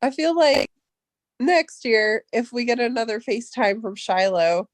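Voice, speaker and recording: A woman's voice: on the high side, expressive, unhurried, no echo. A woman hosting a livestream, chatting casually on a group voice call in a rambling way with lots of fillers. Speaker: livestream host. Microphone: online voice call.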